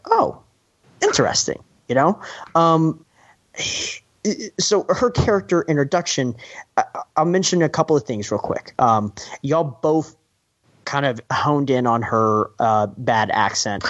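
A man's voice: fairly high pitch, no echo. Rambling man, dry lo-fi podcast voice. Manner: rambling, with many restarts and acted-out quotes. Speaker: podcast co-host. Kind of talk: casual film discussion. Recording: dull, slightly lo-fi dry sound.

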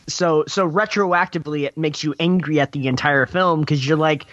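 A man co-hosting a casual film discussion, ranting in an animated way with lots of "like" and restarts. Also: a little high, normal speed, hardly any pauses, no echo, dull audio. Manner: animated ranting, heavy use of "like". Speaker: podcast co-host.

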